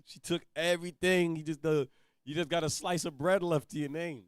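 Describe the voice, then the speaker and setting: A man leading a Bible reading and preaching bluntly, dropping to low mutters, then shouting his points. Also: steady tone, a little fast, smooth, dry recording, clean studio sound. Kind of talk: street-style Bible teaching.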